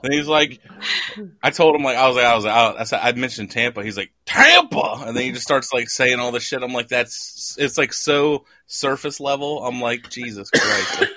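Bright-voiced, profane man telling stories. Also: mid-range voice, a little fast. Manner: profane, animated storytelling. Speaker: podcast guest. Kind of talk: casual chat.

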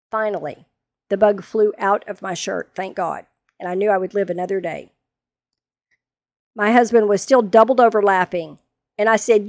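A woman in her sixties, telling a funny personal story to her regular listeners in a lively, dramatic way. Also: mid-range voice, brisk, no echo. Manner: animated, dramatic, humorous retelling. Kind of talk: casual storytelling monologue.

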